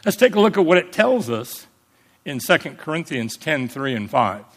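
A man preaching from the pulpit in a fairly high voice. He talks emphatically, calling for amens and slowing down to spell out old words. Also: sing-song, fairly bright tone. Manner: emphatic preaching, calls for amens, explains Greek words slowly. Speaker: pastor. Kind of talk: sermon.

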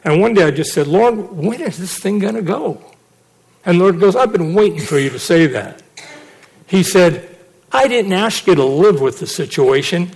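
A middle-aged man preaching a sermon, telling a personal testimony and acting out the people he quotes. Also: a little high. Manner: animated storytelling, acts out quotes.

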